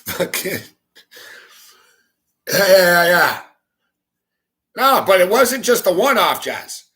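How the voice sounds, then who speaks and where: A man's voice: sits high, sing-song, slow, pushed and bright. A man hosting a sports talk show, telling a story in a casual, profane, exasperated rant and laughing often. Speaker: sports talk radio host.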